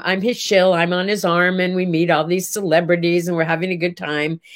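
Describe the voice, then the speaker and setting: An older woman telling an animated personal story in a chatty way, acting out the people she quotes. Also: medium pitch. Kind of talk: casual storytelling monologue.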